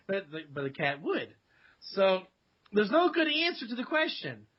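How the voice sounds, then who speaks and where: A man's voice: on the high side, very animated, moderate pace, husky. A man from Ohio, a rabbi speaking as a radio guest, telling stories animatedly with quoted voices. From Dayton, Ohio, USA. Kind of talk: casual radio interview. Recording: dull lo-fi radio sound.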